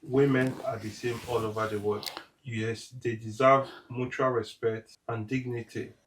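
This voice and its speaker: A man giving measured, hesitant answers in an interview. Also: medium pitch, little pitch movement, fairly bright tone, recorded from a distance, a little hiss or hum, rough recording. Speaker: guest's husband. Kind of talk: interview talk.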